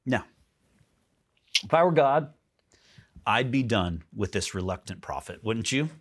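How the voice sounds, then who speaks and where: In a church, a male pastor delivers an animated sermon at a measured pace, his slightly rough voice leaping up high for emphasis and then dropping soft.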